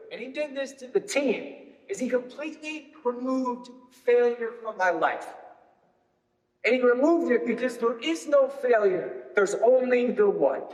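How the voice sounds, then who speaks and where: A man, a football recruiting coach, giving a motivational keynote to a live audience, telling personal stories that build to emphatic punchlines. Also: very high voice. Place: large hall before a live audience. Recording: echoey hall with long reverb.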